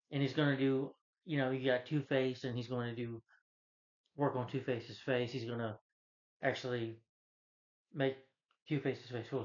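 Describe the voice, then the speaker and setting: A man in a mid-pitched voice talks through a film plot in a loose, rambling way, leaning on fillers. The recording sounds dull and lo-fi. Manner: rambling, full of fillers like "you know" and "like". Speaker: film reviewer. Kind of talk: casual spoken movie recap.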